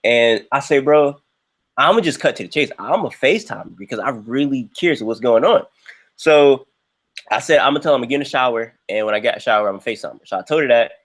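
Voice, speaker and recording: A young man hosts a livestream and tells a long story in a loose, chatty way. His voice leaps up high whenever he acts out what someone said. His pitch sits in a middle register but moves around a lot. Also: fast talker. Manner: animated, jumps into high quoted voices. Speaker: livestream host. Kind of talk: casual storytelling.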